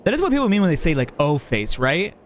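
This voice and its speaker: A man's voice: high-pitched, wildly swooping pitch, very fast, noisy background. A man streaming a park-building game, casually thinking aloud and chatting with viewers in a playful way. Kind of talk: casual livestream chat while building.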